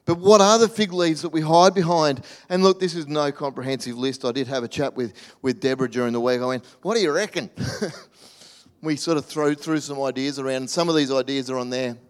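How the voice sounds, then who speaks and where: A man preaching a sermon in a church, animated, acting out voices and dropping to soft near-whispers. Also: fairly high pitch, brisk, clear, resonant tone. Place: church hall. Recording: reverberant hall.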